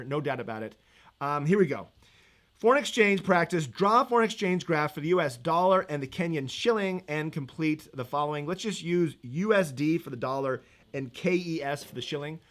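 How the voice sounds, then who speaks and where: A man's voice: fairly high pitch, fairly bright tone. Upbeat, chatty man teaching. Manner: chatty and upbeat, reads viewer comments, laughs easily. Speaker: economics teacher. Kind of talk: live-stream review lesson.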